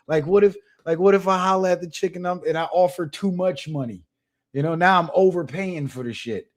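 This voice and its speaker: A young adult man hosting his channel, telling a funny story in a casual monologue, animated and profane, with laughs. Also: fairly high pitch, fairly quick. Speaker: channel host.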